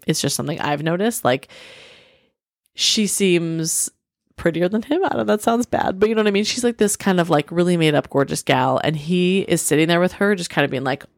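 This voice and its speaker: A woman's voice: on the low side, brisk, no echo, clean studio sound. Chatty woman in her thirties. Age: 30s. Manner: chatty, rambling, heavy "like" filler. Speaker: podcast co-host. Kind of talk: casual chat.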